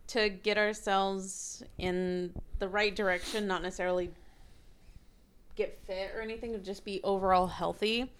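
A woman in casual chat, talking in a relaxed, thoughtful way. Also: medium pitch, moderate pace, slight background noise.

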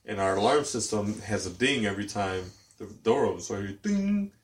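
Male podcast co-host, 30s, casual storyteller with a wide swinging pitch, animated. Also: fairly quick. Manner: animated storyteller acting out his mom. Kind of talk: casual chat.

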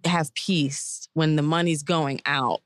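Woman podcast host, low voice, measured interviewer, dry close recording. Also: fairly even intonation, dry recording. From Caribbean roots. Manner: measured, probing questions.

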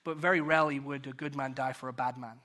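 A British man preaching a sermon to his congregation. He asks rhetorical questions and swings from loud to soft. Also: medium pitch, fairly even intonation, quick pace. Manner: rhetorical questions, builds and drops in volume. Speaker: pastor.

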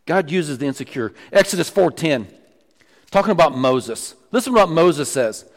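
A man preaching a sermon in a church sanctuary. His voice sits a little high for a man, and it rings through a long, echoing reverb. He is emphatic and often drops low and quiet to stress a point. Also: big pitch swings, normal speed. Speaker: pastor.

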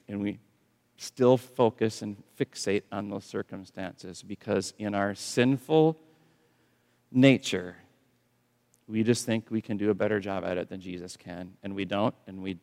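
A man preaching a sermon in a conversational way, often dropping to soft, intense tones. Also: on the low side, gravelly. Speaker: pastor. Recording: long church reverb.

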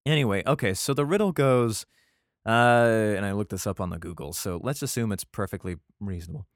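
A man's voice: fairly low pitch, brisk, no echo, clean studio sound. A man hosting a casual podcast who reads aloud and comments in profane, rambling, exasperated asides. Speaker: podcast host. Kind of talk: casual Bible reading podcast.

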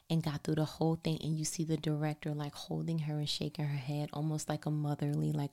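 A mother telling a story to her listeners in a casual, animated way, often dropping into a whisper. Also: sits low, normal speed, vocal fry. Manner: animated, expressive, talks directly to listeners.

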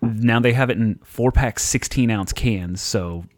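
A man's voice: lowish voice, measured pace, dry recording. A man co-hosting a casual chat show, telling rambling stories laced with profanity. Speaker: podcast co-host.

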